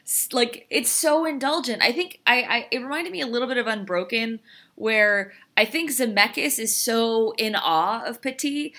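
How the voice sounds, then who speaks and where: A woman co-hosting a movie podcast, voicing sharp, emphatic criticism of a film. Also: fairly high pitch, animated, moderate pace. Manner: opinionated, emphatic. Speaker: podcast co-host.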